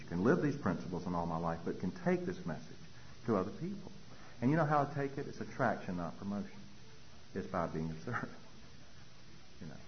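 Man telling his story with lively pitch. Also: dull audio, slight background noise. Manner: animated storytelling, acts out dialogue. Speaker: speaker at a recovery meeting. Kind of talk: personal recovery talk.

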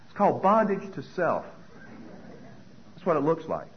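Animated man telling his recovery story. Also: mid-range voice, normal speed, pauses often. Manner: animated storytelling, acting out voices. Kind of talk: personal testimony talk. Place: speaking at a podium. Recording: dull lo-fi recording with faint hiss.

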